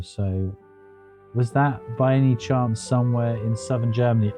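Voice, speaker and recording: A man giving casual gameplay commentary on a stream, chatty and rambling, laughing at his own remarks. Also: medium pitch.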